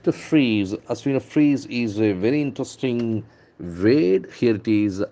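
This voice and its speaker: A man's voice: mid-range voice, expressive, mellow. Indian man drilling English pronunciation. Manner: repeats words slowly, spells out letters; enthusiastic, calls words beautiful and brilliant. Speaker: English trainer. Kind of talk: newspaper vocabulary lesson.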